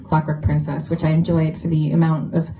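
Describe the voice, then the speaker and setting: At a bookshop event, a woman author takes audience questions in a casual panel Q&A, chatty and laughing with lots of fillers. Her deep, dark voice is monotone and a little fast. An audience member's phone captured it, so the sound is dull and lo-fi.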